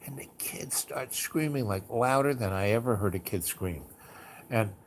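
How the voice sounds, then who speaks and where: A man's voice: mid-range voice, normal speed, a little hiss or hum. A man hosting, telling stories in a rambling casual way, full of "you know" and "like", who slips into a theatrical voice for quotes. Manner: acts out quotes in a raised theatrical voice. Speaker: host. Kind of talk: casual storytelling monologue.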